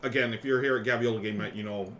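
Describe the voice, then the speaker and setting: A man's voice: fairly low pitch, fairly even intonation, fast talker, fairly bright tone, a little hiss or hum. A man co-hosting a livestream about a board game, chatting casually with a partner and viewers, often laughing. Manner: chatty, laughing, talks with mouth full. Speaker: game show co-host.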